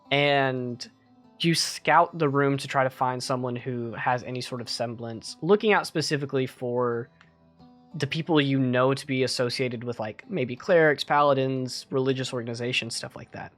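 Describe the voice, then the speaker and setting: Man, game master, loose chatty narration, mid pitch, faint guitar music. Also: moderate pace, fairly bright tone. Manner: loose, filler-heavy narration.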